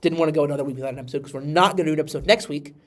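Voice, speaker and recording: A man's voice: fairly high pitch, racing. Congested man rambling about football. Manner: rambling, animated, many restarts. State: congested, nasal. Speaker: podcast host. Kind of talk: casual sports chat.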